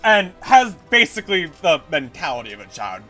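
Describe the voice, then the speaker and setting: A man streaming a game live, talking excitedly and stammering as he chats with viewers. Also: fairly high pitch, moderate pace, hardly any pauses, faint music behind. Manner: excitable, stammering, swears casually.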